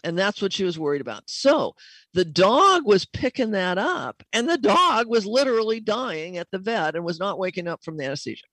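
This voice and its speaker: A woman's voice: on the low side, no room sound. A middle-aged woman hosting a talk show about communicating with animals, telling a long story with many fillers and restarts.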